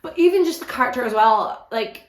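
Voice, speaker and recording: A woman giving a frank, animated book wrap-up in a casual vlog, swearing now and then. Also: fairly high pitch, a little fast, roomy sound. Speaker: book reviewer.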